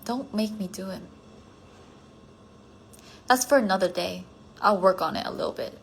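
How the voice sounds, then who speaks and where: On a solo phone livestream, a tired woman chats casually, answering fan comments and rambling with plenty of "like" fillers as her thoughts drift. Her voice is medium-pitched, slightly rough and full of vocal fry, at a moderate pace, and at times it sinks to a soft near-whisper.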